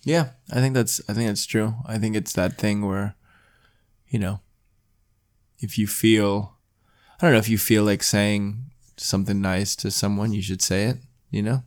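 A man co-hosting a casual podcast chat, rambling and halting with lots of fillers. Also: lowish voice, fairly even intonation. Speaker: podcast co-host.

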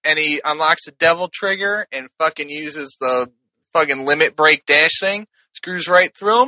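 A man's voice: a little high, normal speed, pushed and bright, no echo. A man on a podcast panel, talking brash, bro-ish trash talk. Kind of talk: casual podcast banter.

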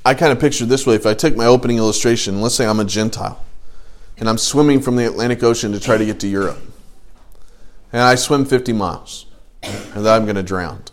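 A man teaching an adult Bible study, lively and animated, often acting out quoted voices. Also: fast talker. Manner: animated, acts out quoted voices with rising pitch.

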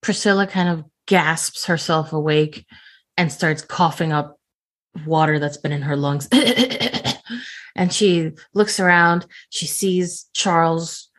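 Woman player narrating her character, low husky voice, lively and amused. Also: measured pace.

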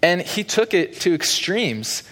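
A man's voice: high-pitched, very animated, a little slow, a bit bright. A young man giving a sermon as pastor in a church, preaching in a conversational way with frequent fillers. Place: church sanctuary. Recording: long hall reverb.

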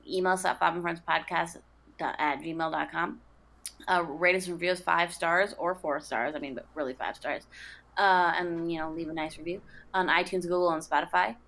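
A woman co-hosting a podcast, retelling a film plot in quick, chatty, casual talk. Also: lowish voice, creaky, fairly bright tone. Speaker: podcast co-host.

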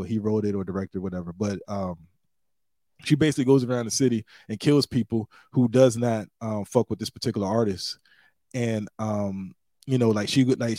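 A man's voice: medium pitch, a little mellow, dry recording. Male podcast host, rambling, laughing, fillers and restarts, dry close wired mic. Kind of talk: casual podcast chat. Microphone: wired desk microphone.

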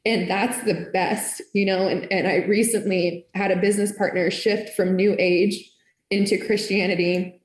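An earnest woman tells her faith story in casual, heartfelt speech, with plenty of "like" as she goes. Her pitch sits in the middle. The recording is echoey, as if made in a bare room. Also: fairly even intonation, unhurried. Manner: earnest and emotional, lots of "like". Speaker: faith testimony speaker. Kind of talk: personal testimony, casual.

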